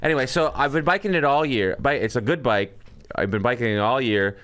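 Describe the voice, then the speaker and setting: A man's voice: mid-range voice, fairly quick, fairly bright tone, clear, resonant tone. A man, a comedian guest, telling a story in casual podcast chat, rambling and chuckling with lots of restarts. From Canada.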